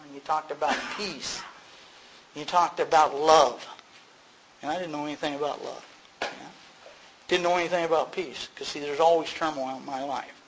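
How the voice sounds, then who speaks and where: At a recovery meeting, a middle-aged man shares his story with the group in a relaxed, conversational voice pitched slightly higher than usual. He plays both sides of remembered conversations, his pitch jumping up as he does, and laughs at himself. The recording is rough, with a faint room hum underneath.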